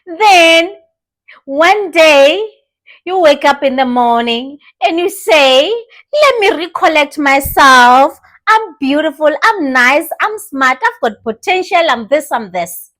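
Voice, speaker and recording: A young woman with a South African accent and a high voice gives animated, casual vlog commentary at a slow pace. She switches languages mid-sentence and laughs often.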